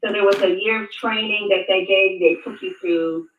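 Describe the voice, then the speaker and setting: Older lady calling in, tinny phone sound, echoey and far off, slow halting talk. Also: mid-range voice, expressive, slight background noise. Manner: measured, halting, restarts words. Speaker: guest.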